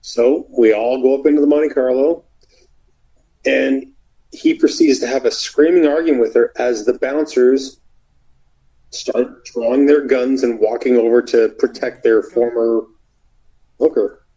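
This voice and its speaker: A man's voice: mid-range voice, measured pace, poor audio. A man telling a long road story in a casual interview, acting out the voices of the people in it. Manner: animated, acts out quoted voices.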